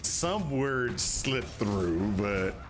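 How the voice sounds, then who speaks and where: Man from north carolina, game streamer, slow rambling chat, faint noise behind. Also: mid-range voice, sing-song. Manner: rambling and repetitive, restarts phrases. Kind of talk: casual chat while gaming.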